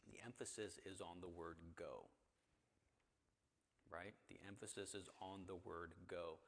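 A man's voice: deep voice, level tone, normal speed, a bit bright, long reverb tail. A man leading an interactive Bible class, talking conversationally and asking the group questions. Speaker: church teacher. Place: church hall with a group.

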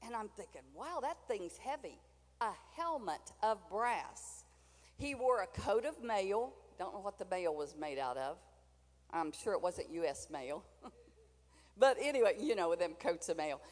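A woman's voice: on the low side, expressive, unhurried, big-room sound. An older woman preaching a sermon in a chatty, folksy way, with asides to the congregation.

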